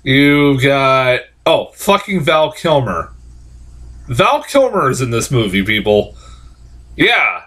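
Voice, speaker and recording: A man's voice: medium pitch, big pitch swings, slow pace, pushed and bright. A man giving a casual, profane, rambling film review, exasperated and full of fillers.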